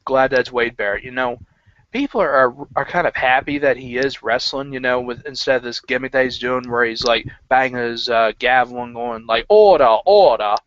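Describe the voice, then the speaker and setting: A man's voice: medium pitch, fairly even intonation, a little fast, bright, forceful tone, dry recording. A man talks through his wrestling picks in a loose, rambling way, with lots of "um"s, "like"s and restarts. His voice sits in an ordinary middle register, and the recording is dull and lo-fi. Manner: rambling, filler-heavy, self-correcting. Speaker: wrestling pundit. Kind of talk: casual prediction vlog.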